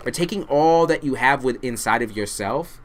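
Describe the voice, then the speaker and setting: A man's voice: mid-range voice, lively intonation, moderate pace. A man giving a tarot reading to camera, speaking bluntly and directly to the listener, swearing freely and repeating himself for emphasis. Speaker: tarot reader.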